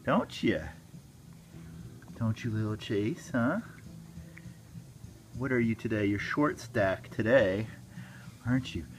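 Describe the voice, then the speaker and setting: Mother playing with her toddler, low voice, slow and lilting, coaxing questions. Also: slight background noise. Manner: coaxing, sing-song questions. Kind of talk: baby talk at home.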